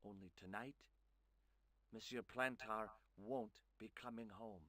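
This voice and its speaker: A man's voice: lowish voice, fairly even intonation, a little slow, pushed and bright, dry recording. An actor voicing a wry male amateur detective in a point-and-click game, telling things in a dry, sardonic way.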